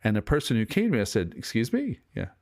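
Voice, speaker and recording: Brief middle-aged male host, low voice, dry close sound, casual rambling commentary. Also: sing-song, very fast, dry recording. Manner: rambling, digressive, with many fillers and restarts.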